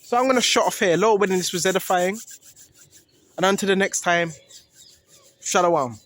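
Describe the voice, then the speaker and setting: A man's voice: high-pitched, normal speed, a bit bright. A man preaching informally and earnestly, pressing each point with a repeated "right?".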